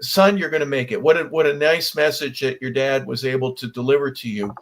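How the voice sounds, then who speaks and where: A man's voice: medium pitch, a little fast. A man hosting a sports talk radio show, reflecting and retelling a film scene to his guest. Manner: reflective, telling a film anecdote.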